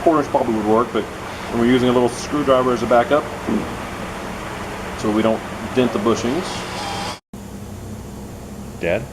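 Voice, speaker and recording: A man's voice: medium pitch, moderate pace, pauses often. A middle-aged man walking through a car repair in his home garage, coaching a kid step by step. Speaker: host of a garage video. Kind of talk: casual workshop narration. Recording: noisy garage recording.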